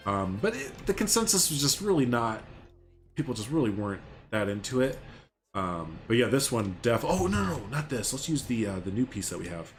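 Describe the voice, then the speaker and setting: A man's voice: medium pitch, sing-song, moderate pace. Man, young adult, casual stream commentary, rambling, talks to chat, faint background music. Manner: rambling, chatty, reads and answers chat.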